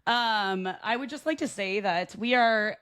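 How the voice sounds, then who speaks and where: A woman's voice: medium pitch, measured pace, a bit bright, clean tone, no echo. A woman in her thirties co-hosting a podcast in casual chat, blunt and crude in her joking, laughing often. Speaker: podcast co-host.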